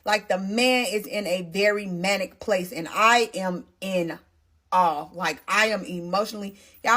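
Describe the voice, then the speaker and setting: Emotional young woman telling a story. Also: mid-range voice. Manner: emotional, animated, talks straight to viewers. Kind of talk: casual storytime monologue.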